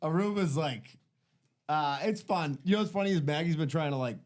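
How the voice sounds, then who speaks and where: A man's voice: on the high side, moderate pace, a little mellow. A man co-hosting a podcast, rambling through profane anecdotes in casual chat. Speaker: podcast co-host.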